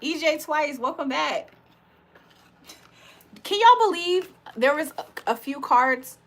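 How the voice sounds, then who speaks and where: A woman's voice: high voice, lively intonation, slow pace, a bit bright. A young woman hosting a live stream in casual chat, laughing often and talking to her viewers as y'all. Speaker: livestream host.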